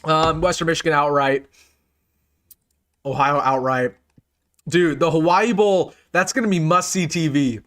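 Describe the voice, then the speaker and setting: A young man hosts a casual live sports stream and runs through his picks. His voice sits a little high, and his delivery is excitable and emphatic. He often repeats a line to drive the point home. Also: a little slow, long pauses. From United States. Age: young adult. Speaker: sports channel host.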